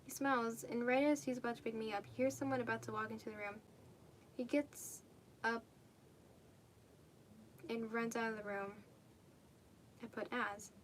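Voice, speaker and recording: A woman's voice: on the high side, level tone, moderate pace, pauses often, a little hiss or hum. A young woman reading fan fiction aloud casually, stumbling and correcting herself and tossing in swearing asides. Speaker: fanfic reader.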